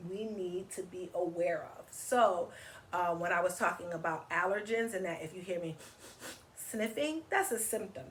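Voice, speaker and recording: A woman reading a children's picture book aloud in an animated, teacherly way, often stopping to ask her young listeners questions. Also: on the low side. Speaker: children's story reader.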